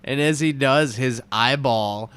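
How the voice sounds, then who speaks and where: A man's voice: medium pitch, takes it slowly, a bit bright, smooth. A young man co-hosting a podcast, casually recapping a cartoon, joking, swearing and mimicking characters. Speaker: podcast co-host.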